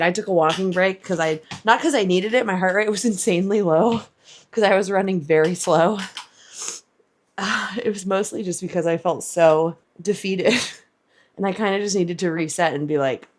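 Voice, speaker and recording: A woman vlogger in the middle of marathon training, speaking candidly and casually, with plenty of "like". She sounds worn out from a hard run as she films herself outdoors, at a middling pitch. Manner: candid and chatty, full of "like". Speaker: running vlogger. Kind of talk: casual vlog chat. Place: outdoors, filming while running.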